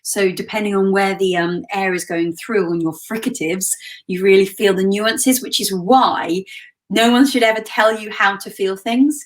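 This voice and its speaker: A woman vocal coach leading a live online singing warm-up in a relaxed, conversational way, breaking off to sing demonstration slides. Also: mid-range voice, moderate pace. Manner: demonstrates exercises by singing slides between instructions.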